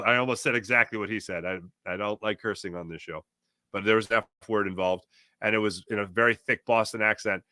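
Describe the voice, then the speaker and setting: A man's voice: lowish voice, quick pace, smooth, no room sound, studio quality. A man hosting a casual sports talk show, reading viewer chat and telling stories in a chatty way with frequent laughs. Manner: animated, chatty, laughs often, storytelling.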